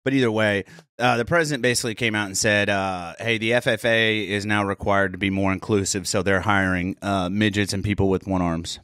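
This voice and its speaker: A man's voice: fairly low pitch, fairly even intonation, brisk, fairly bright tone, smooth, dry recording, studio quality. A man co-hosting a casual podcast, reading news items aloud, joking and swearing as he goes. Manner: laughs often, swears, breaks into a joking accent. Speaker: podcast co-host.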